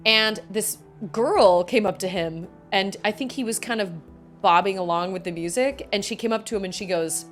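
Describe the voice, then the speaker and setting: A woman in her thirties, a streamer, chats casually and tells stories while gaming, speaking at medium pitch and a moderate pace. She's animated, acts out quotes, and uses "like" a lot. Faint music plays behind her.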